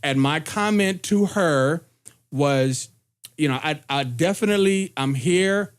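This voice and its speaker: A young adult man hosting a podcast, talking about relationships in an earnest, reflective way and rising sharply in pitch when he stresses a point. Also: unhurried, clear, resonant tone. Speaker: podcast host. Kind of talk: casual chat.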